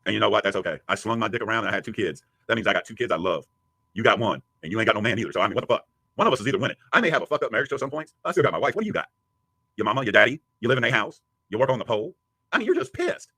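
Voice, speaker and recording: A man's voice: on the low side, expressive, very fast, sharp tone, no echo. A man giving a crude, taunting rant as a streamer answering a critic. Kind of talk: profane ranting commentary.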